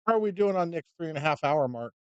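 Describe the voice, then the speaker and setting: A man's voice: fairly high pitch, animated, fast talker, smooth, no room sound, highs cut off. Guy doing laid back pool commentary, dry jokes, close dry mic. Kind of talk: casual commentary.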